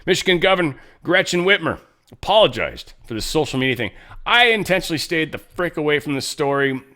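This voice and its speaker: A man's voice: a little high, sing-song, fairly quick, pushed and bright. Rambling, jokey male commentary host. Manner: rambling, restarts and trails off mid-thought; irreverent, jokey asides. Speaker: show host. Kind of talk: casual political commentary.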